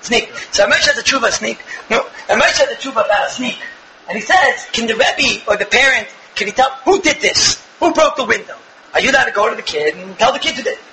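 A man with a high voice rattles through a religious lecture at a brisk clip. He hammers points with rhetorical questions. The sound is echoey, with steady background noise. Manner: emphatic, rhetorical questions, acts out dialogues. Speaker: religious teacher. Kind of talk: Torah lecture.

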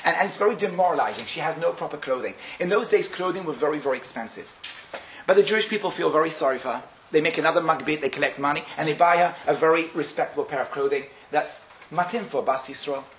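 A man giving a Torah lecture, telling stories with animated delivery and acting out the quotes. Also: fast talker, echoey room, slight background noise, rough recording. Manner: animated, acts out quotes with sharp pitch jumps. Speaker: rabbi giving a Torah class.

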